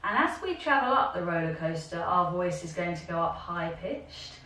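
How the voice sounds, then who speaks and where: A woman's voice: lowish voice, big pitch swings, normal speed, pushed and bright, roomy sound, distant mic, a little hiss or hum. Woman guiding a kids yoga class. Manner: encouraging, guiding children step by step. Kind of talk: online kids yoga lesson.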